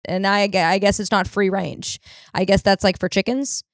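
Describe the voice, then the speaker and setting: A woman's voice: mid-range voice, moderate pace, dry recording, clean studio sound. A young woman hosting a podcast, telling rambling, profane stories in a casual comedic monologue. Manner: rambling, profane, animated storytelling. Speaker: podcast host.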